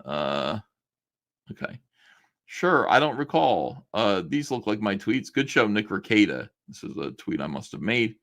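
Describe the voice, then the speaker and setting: On a live stream, a man casually reads old messages aloud and mocks them, sarcastic and laughing as he comments. His voice is lowish and a bit bright, very animated but unhurried.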